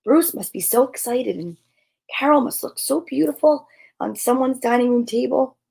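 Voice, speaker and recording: A woman's voice: sits high, normal speed, vocal fry, a little mellow, husky, heavily acted. A woman voicing a kindly, content Christmas tree thinking to himself in a picture-book story. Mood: wistful.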